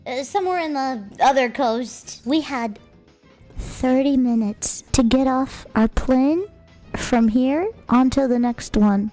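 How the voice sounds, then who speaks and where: A woman's voice: high voice, slow, mellow, soft background music. A young woman streamer telling a story casually, swearing freely and sounding exasperated.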